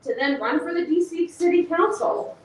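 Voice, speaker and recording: A woman's voice: extremely high pitch, normal speed, a little hiss or hum. A woman organizer giving a passionate, emotional talk to an audience, laughing and close to tears as she speaks. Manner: passionate, laughs and nearly cries. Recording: echoey room, speaker far from mic.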